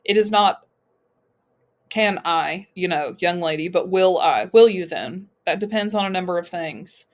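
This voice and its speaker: A woman's voice: lowish voice, animated. A woman doing a soothing, menacing male overlord. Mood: patronizing. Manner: soothing, patronizing, slow.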